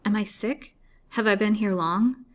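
A woman reading a storybook, voicing an exhausted, gentle young woman who pleads earnestly. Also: mid-range voice, unhurried, voice pushed up, lightly acted. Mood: weary pleading.

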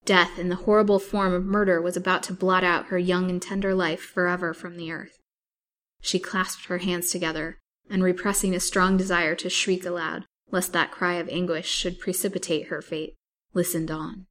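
A woman storyteller reading a classic novel aloud with steady, dramatic delivery. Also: lowish voice, moderate pace, a little hiss or hum.

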